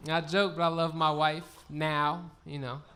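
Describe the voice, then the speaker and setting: A man's voice: a little high, background noise. A man doing a crude, punchy stand-up comedy set on a live stage. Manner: punchy, crude, laid-back delivery. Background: audience laughter.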